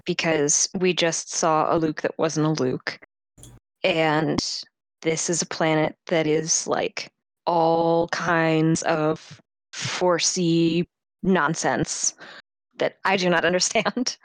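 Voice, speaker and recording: Brief: lower-pitched woman player, sardonic in-character banter, dry sound. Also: flat delivery, takes it slowly, no echo. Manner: wry, suspicious banter with laughs. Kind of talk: role-play in a tabletop game.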